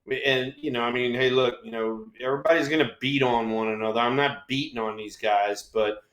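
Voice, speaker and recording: A former ballplayer in his sixties co-hosts a sports talk show, rambling through stories in casual chat and leaning heavily on "you know" and other fillers. His mid-range voice is steady and a bit bright, a little fast, in a roomy-sounding space.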